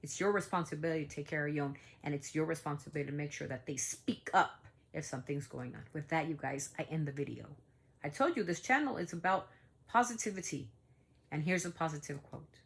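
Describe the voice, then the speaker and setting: A woman's voice: sits low, fast, gravelly. A middle-aged woman hosting a casual vlog, speaking earnestly and emphatically to parents, often repeating herself. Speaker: channel host, parent. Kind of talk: casual vlog talk to camera.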